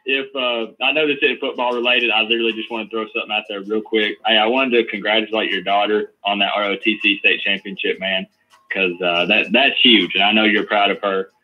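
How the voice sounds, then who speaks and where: A man's voice: on the low side, little pitch movement, fairly quick. A man calling in to a show, speaking in a friendly, plain way with a few fillers. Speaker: caller. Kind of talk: casual call-in chat. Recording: muffled phone line.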